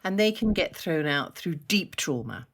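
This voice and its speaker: Chatty low-voiced woman energy teacher. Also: animated, unhurried. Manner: enthusiastic and chatty, laughing often. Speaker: energy medicine teacher, podcast guest. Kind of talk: explanatory interview talk.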